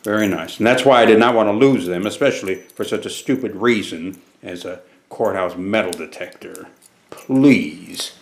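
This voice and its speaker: A man hosting a deadpan comedic monologue and answering viewer questions. He uses pompous, formal wording broken by frequent hesitant "uh" pauses. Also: on the low side. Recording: very echoey room, mic far off.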